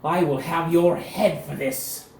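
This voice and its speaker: A haughty male noble from a tabletop game, shrill and sputtering, his voice jumping high with indignation, as a man puts him on. He sounds proud and entitled. The room echoes faintly around him. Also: steady tone, slow pace, darkish tone, far from the mic, slight background noise. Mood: outraged. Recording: roomy recording with faint ambience.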